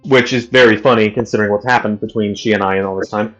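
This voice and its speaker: A man's voice: on the low side, fairly even intonation, fast, muffled recording, faint music behind. A man hosting a livestream, telling a travel story in an exasperated, profane ranting way. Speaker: livestream host.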